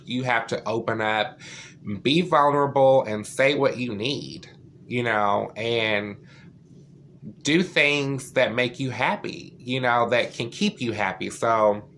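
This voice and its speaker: A man's voice: medium pitch, fairly bright tone, a little hiss or hum. A man talking to camera in a vlog, earnest and candid, with a loose conversational way of speaking. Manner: loose and conversational, with many fillers. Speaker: vlogger. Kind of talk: personal story to camera.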